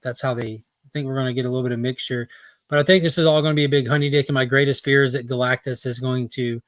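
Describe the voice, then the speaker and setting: A man on a pop culture talk panel, opinionated and quick to argue his point in casual chat. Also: mid-range voice, fairly even intonation, no echo.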